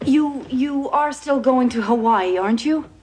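A woman's voice: sits high, a little slow, darkish tone, slightly rough. A middle-aged woman playing a sitcom mother who talks in an insistent, firm, exasperated way. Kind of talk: sitcom acting.

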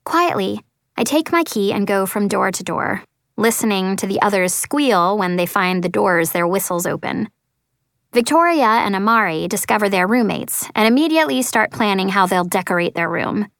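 A woman's voice: mid-range voice, lively intonation, normal speed, vocal fry, fairly bright tone, dry recording, studio quality. A woman reading a first-person story as an audiobook narrator, earnest and lightly voicing the dialogue.

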